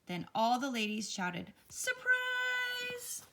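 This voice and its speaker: A woman reading a children's picture book aloud, expressive and lively. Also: medium pitch, moderate pace, gravelly, noisy background. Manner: expressive, lively character voices. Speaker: read-aloud storyteller.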